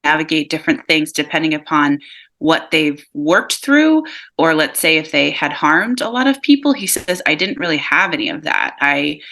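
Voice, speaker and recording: A woman giving a live mediumship reading over a video call, relaying messages calmly and softly, often laughing between them. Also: deep voice. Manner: relays messages in a calm, soft, slow delivery, with frequent laughs.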